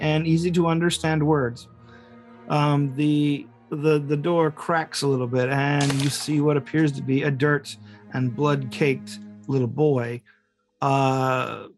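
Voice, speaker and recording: Hesitant man running a tabletop game. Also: on the high side. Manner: hesitant, many fillers and restarts. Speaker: game master.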